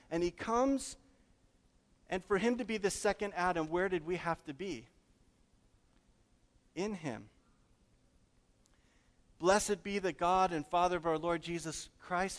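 Preaching man in a reverberant church. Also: fairly high pitch. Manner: emphatic, asks the congregation questions. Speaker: pastor. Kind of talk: sermon.

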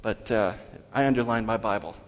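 A man preaching a sermon as pastor, asking his congregation questions and slowing down to read scripture aloud. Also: on the low side. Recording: long hall reverb.

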